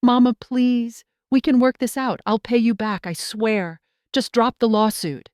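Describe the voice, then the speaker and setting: A woman voicing an angry adult daughter who shouts and then pleads, in scripted storytelling narration. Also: fairly low pitch, normal speed, no echo, studio quality, natural voice. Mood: pleading.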